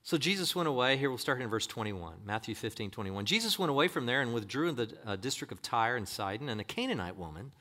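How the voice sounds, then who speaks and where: A man's voice: medium pitch, big pitch swings, fast, hardly any pauses, sharp tone. A man preaching a sermon, emphatic and direct, firing rhetorical questions at the congregation.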